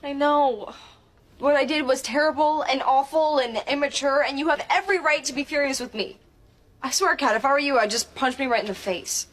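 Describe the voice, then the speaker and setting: An actress playing a flustered, upbeat teen girl in sitcom dialogue, expressive and easily exasperated. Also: sits high, fairly quick, a little hiss or hum.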